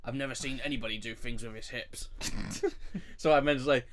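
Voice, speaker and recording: A man's voice: medium pitch, steady tone, brisk, very noisy. A young man chatting through a film commentary, joking and rambling with trivia asides.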